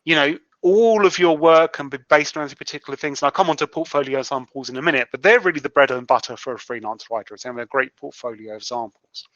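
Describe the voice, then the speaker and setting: A man's voice: medium pitch, fast talker, hardly any pauses, a bit bright, no room sound. A man who is a guest freelance writer, explaining at length in a podcast interview and often restarting his sentences. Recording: dull lo-fi sound.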